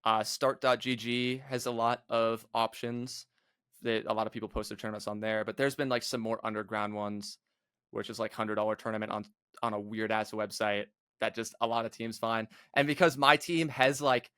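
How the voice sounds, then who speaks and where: A man's voice: on the low side, level tone, moderate pace, bright, forceful tone, clear, resonant tone, dry recording, studio quality. A young man, a guest on a gaming podcast, talking bluntly and casually with lots of filler words. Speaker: guest, competitive gamer.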